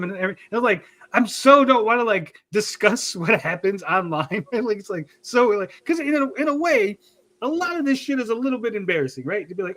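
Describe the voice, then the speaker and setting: Rambling, swearing podcast host. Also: male voice, high voice, expressive, brisk, fairly bright tone, rough recording. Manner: rambling, profane, self-interrupting storyteller. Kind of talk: casual chat.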